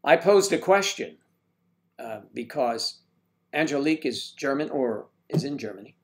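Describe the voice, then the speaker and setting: A man's voice: medium pitch, expressive, unhurried. An older man hosting a casual livestream chat, reading viewer comments aloud in a jokey, teasing way. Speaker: livestream host.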